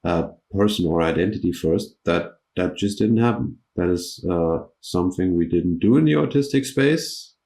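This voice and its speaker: Low, mellow-voiced man interviewing. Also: animated, normal speed, creaky, few pauses. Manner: hesitant, with many restarts and ums. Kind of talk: conversational interview.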